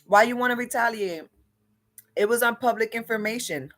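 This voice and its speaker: A woman's voice: on the high side, moderate pace, a bit bright. A woman delivering an agitated, unscripted monologue rant, swearing constantly and repeating herself. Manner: profane, repetitive, agitated ranting.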